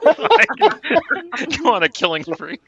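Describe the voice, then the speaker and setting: A man's voice: high voice, huge pitch swings, unhurried, vocal fry, muffled recording, a crowd in the background. A man chatting casually about movies, laughing often and filling his talk with "like".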